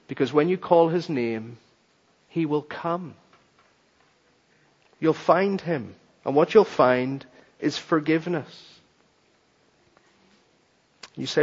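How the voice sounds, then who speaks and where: A man's voice: mid-range voice, takes it slowly, pauses often, long reverb tail. A man preaching a sermon in an earnest, emphatic way, on a dull lo-fi recording. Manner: earnest, emphatic, addresses children too. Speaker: pastor.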